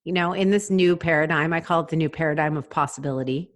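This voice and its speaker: A woman's voice: low-pitched, fast talker. A woman hosting a podcast, enthusiastic and affirming in casual conversation. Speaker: podcast host.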